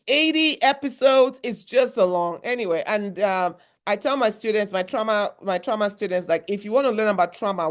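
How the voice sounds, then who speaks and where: A woman from Nigeria, a therapist giving a motivational workshop talk in a conversational, repetitive style with emphatic asides. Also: medium pitch.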